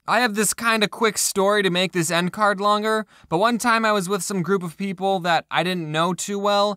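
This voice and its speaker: A young adult telling a scripted comic story, with deadpan jokes and sudden dramatic drops in pitch. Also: no echo, clean studio sound. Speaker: storytime video creator. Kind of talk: scripted comedic storytime narration.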